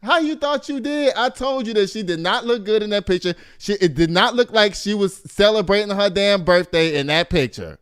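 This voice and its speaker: A man in his fifties hosting a gossip show in a casual, animated way, full of exclamations and asides to the audience. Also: high-pitched, moderate pace, hardly any pauses, clear, resonant tone. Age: 50s. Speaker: show host.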